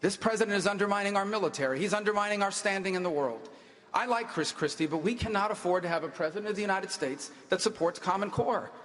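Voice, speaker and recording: A man speaking as a candidate in a political debate, delivering rapid, forceful lines with lots of repetition, recorded at a podium mic. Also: high voice, slight background noise. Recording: live on stage in large reverberant hall.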